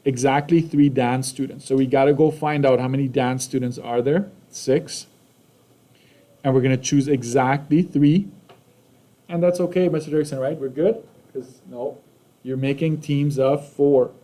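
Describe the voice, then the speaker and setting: A man's voice: medium pitch, steady tone, unhurried, dark tone. A man with a Canadian accent teaching a math lesson casually, often checking in with "right?" and "okay?".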